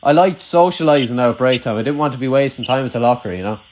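A man's voice: mid-range voice, animated, quick pace, a little mellow. A young Irish man who hosts, telling rambling, sweary, self-mocking stories in casual banter with an old schoolmate.

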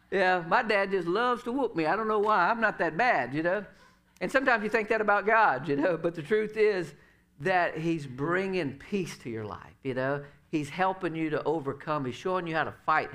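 A man's voice: fairly high pitch, a bit bright. A middle-aged male pastor preaching a sermon in a loose, conversational way, peppering his lines with "you know" and "uh.".

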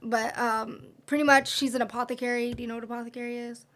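A woman guest on a casual podcast, soft-spoken, explaining things with lots of "like" and "um". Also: a little high, little pitch movement, quick pace.

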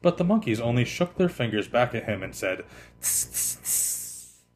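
A man hosting a podcast, reading a children's picture book aloud in an expressive way that slows down for effect. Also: mid-range voice, a little hiss or hum. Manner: expressive, lively, slowing for effect.

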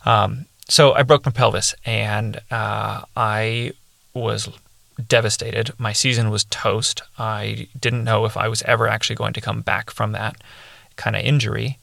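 A man's voice: on the low side, little pitch movement, measured pace, vocal fry, pushed and bright, no room sound. A young adult man hosting a casual solo podcast, talking in an earnest, reflective way with many fillers and restarts. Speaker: podcast host.

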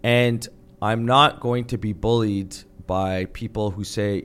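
A man's voice: on the low side, fairly even intonation, slow, a bit bright, clear, resonant tone. A man talking on a podcast in an emphatic, heated, ranting way. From Canada. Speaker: podcast guest or host. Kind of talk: podcast discussion.

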